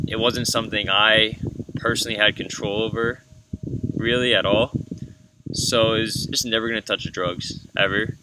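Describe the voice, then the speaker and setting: A man's voice: on the low side, background noise. A young man in his twenties from Florida, casually telling a painful personal story with lots of fillers. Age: 20s. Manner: casual, filler-heavy, emotional. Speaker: vlogger. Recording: from a distance with soft guitar music.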